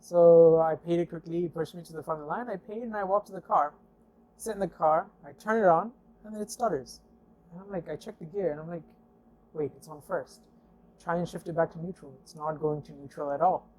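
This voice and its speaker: A man's voice: on the high side, a little fast. A man casually telling a story, acting out the dialogue with lots of "I'm like" and fillers. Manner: animated storyteller who acts out dialogue; conversational, with frequent fillers and "I'm like". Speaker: guest telling car stories. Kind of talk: casual spoken anecdote.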